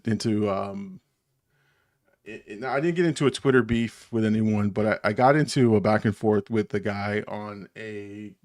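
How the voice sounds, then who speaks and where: A mid-range-voiced man with a New Jersey accent hosts a live stream, chatting casually with viewers. He rambles from topic to topic and chuckles often.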